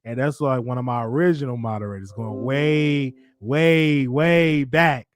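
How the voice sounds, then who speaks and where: A man hosting his own show in rambling, animated casual chat, thinking out loud. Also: mid-range voice, a little slow. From Dallas, Texas. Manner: rambling, animated, talks to himself aloud. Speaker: show host.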